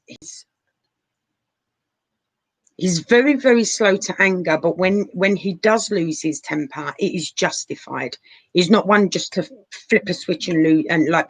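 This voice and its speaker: A woman's voice: on the low side, dry recording, rough recording. A woman chatting through a live tarot reading from her sofa at home, calling viewers darling and honey. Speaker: tarot reader. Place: living room sofa at home.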